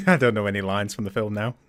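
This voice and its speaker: A man's voice: lowish voice, very animated, a little fast, fairly bright tone. A man chatting through a game livestream, thinking aloud and laughing often. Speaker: streamer. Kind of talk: livestream gameplay commentary.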